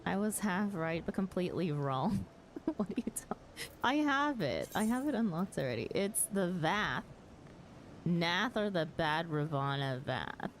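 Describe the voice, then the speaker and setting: Lady streamer talking to chat, low-ish voice that bounces around a lot, giggly. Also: sing-song, measured pace, slight background noise. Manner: giggly, casual, swears mildly, talks to chat. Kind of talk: live game stream commentary.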